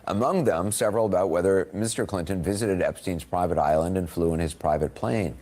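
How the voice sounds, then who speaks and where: A male anchor with a very low voice reads the news in a steady, formal cadence. His delivery is measured and scripted, each sentence cleanly paced for broadcast.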